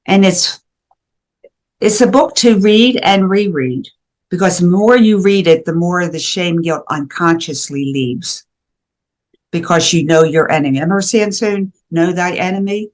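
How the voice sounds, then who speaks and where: An older American woman, a guest educator on shame and guilt, speaks in a conversational interview with a fairly low, darkish voice at a slightly slow pace. She is earnest and emphatic, often restarting her sentences.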